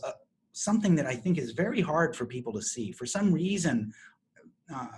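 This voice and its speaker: A middle-aged man, a chemistry professor, lectures to a university class at medium pitch. His explanation proceeds step by step, with frequent phrase restarts and throat-clearing.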